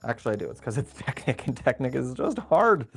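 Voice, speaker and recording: A young man hosting a casual livestream. He thinks aloud while building and reads viewer messages aloud in a relaxed, chatty way. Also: medium pitch, brisk, gravelly, husky, faint music behind. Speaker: livestream host building a LEGO set.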